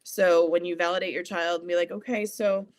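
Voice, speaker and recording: A woman's voice: on the low side, completely flat delivery, fast. Woman psychic guest in her thirties, chatty and casual, leans on "like". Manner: chatty, many "like" fillers, acts out children's voices. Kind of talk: casual interview chat.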